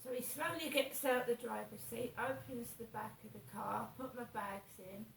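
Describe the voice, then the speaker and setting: Woman, vlogger, slow rambling retelling, somewhat high voice, distant mic, faint background noise. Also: steady tone, vocal fry, fairly bright tone, reverberant. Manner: slow, repetitive, anxious retelling. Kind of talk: rambling casual storytelling. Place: in her flat, indoors.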